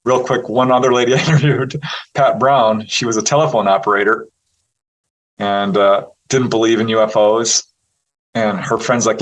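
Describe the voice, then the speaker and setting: Male interview guest, mid-range voice, animated raconteur who laughs a lot and acts out quotes. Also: medium pitch, normal speed, poor audio. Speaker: interview guest, UFO researcher. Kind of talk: casual storytelling interview.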